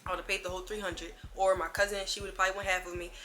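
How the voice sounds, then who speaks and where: A young woman vlogger telling a storytime in an animated, slangy way, acting out the other people's lines as she goes. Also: lowish voice, rapid-fire. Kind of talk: casual storytime.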